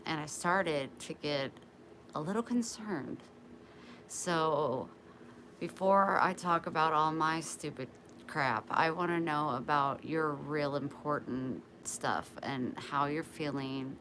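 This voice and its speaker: Low-voiced, slow-talking woman livestreaming. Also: fairly bright tone. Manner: chatty, greets viewers by name. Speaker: livestream host. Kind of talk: casual live-stream chat. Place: living room in a home, indoors. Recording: noisy home livestream.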